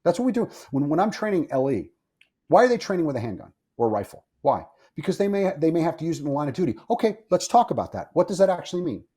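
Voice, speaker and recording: A man's voice: a little high, very animated, fast, mellow, slightly rough. A man speaking as a guest on a podcast interview, blunt and opinionated, swearing freely and often repeating himself. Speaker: firearms instructor, guest.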